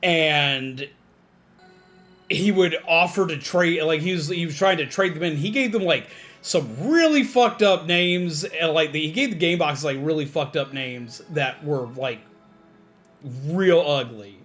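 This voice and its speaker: A man with a fairly high, fairly bright voice speaks at a measured pace over faint background music. He's streaming a game and ranting in casual, rambling chat that's profane and packed with fillers.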